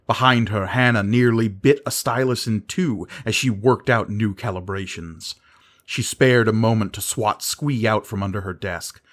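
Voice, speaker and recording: A man narrating a fantasy audiobook in a measured, dramatic reading style. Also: lowish voice, a bit bright.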